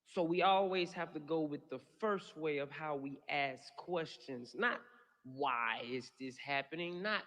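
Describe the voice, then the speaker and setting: A man's voice: a little high, measured pace, few pauses, fairly bright tone. Man giving a passionate funeral speech. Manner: speaks with passion, preacher-like cadence. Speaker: eulogy speaker. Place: large funeral hall. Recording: long hall reverb.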